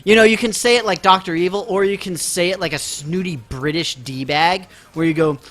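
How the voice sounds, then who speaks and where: A man's voice: high-pitched, moderate pace, fairly bright tone. A man live-streaming a video game, chatting casually and mocking himself to his viewers while he plays.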